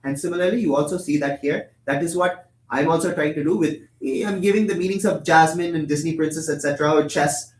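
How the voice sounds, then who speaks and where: A young man giving a religious discourse at a temple, explaining verses, asking and answering his own questions, and chanting Tamil lines quickly. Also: on the high side, slight background noise. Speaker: temple lecturer. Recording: echoey room.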